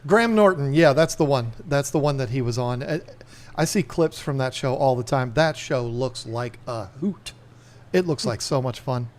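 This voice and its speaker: A man's voice: medium pitch, normal speed. A man from Northern Virginia hosting a podcast, chatting casually and laughing often. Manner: animated storyteller, laughs often, slips into voices. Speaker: podcast host. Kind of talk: casual livestream chat.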